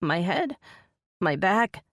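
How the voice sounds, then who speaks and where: A woman's voice: lowish voice, very animated, slow, no echo, studio quality, voice pushed up, exaggerated voice. A woman voicing a scared young woman in an audiobook, speaking in a shaky, tearful, guarded way.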